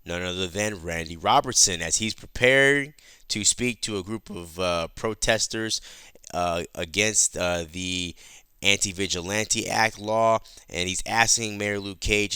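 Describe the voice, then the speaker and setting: A man hosts a chatty, animated comic book recap. His voice is lowish but bright and crisp. The sound is dry and close. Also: a little slow, no echo.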